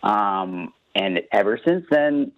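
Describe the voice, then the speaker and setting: A man's voice: fairly low pitch, expressive, slow pace, slight background noise. A man calling in to a radio show by phone, rambling casually with many filler words. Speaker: radio caller. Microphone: telephone. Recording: dull phone line.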